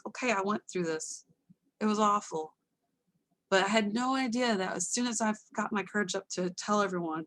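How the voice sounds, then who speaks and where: A woman telling her life story to an online audience, casual and candid, with self-mocking asides and lively acted-out quotes. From Texas. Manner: animated, acts out quoted voices with sudden pitch jumps. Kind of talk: casual personal storytelling with humor.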